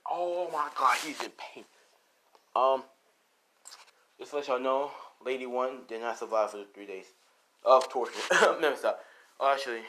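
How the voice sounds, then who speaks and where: A man's voice: medium pitch, slight background noise, low-quality recording. A man casually improvising a fan story, rambling with many fillers and asides. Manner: rambling, filler-heavy, animated.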